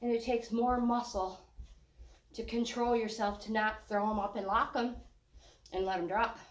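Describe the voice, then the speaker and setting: A woman's voice: on the high side, steady tone, moderate pace, reverberant. An older woman leading a walking workout. She is out of breath, jokes, and sighs between her encouraging cues. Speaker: fitness instructor.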